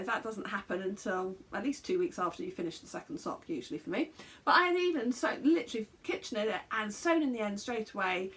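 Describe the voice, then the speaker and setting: A chatty middle-aged woman from England talks casually to camera about her knitting. She rambles through little asides and fillers and pokes fun at herself, with a medium-pitched voice. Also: fairly bright tone. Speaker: knitting podcaster.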